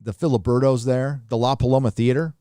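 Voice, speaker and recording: A man's voice: medium pitch, fairly even intonation, fairly quick, warm tone, clear, resonant tone, no room sound, clean studio sound. A middle-aged man from Southern California hosting a casual livestream, reading viewer donations aloud in a rambling, laid-back way with lots of fillers.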